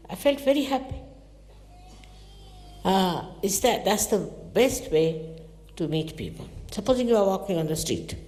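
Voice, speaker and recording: A woman delivers a spiritual talk to her followers, shifting from low, confiding phrases to sudden high exclamations as she tells her stories. The recording comes from a large hall with a long, ringing echo around her voice. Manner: animated storytelling with sudden pitch jumps. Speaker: spiritual teacher.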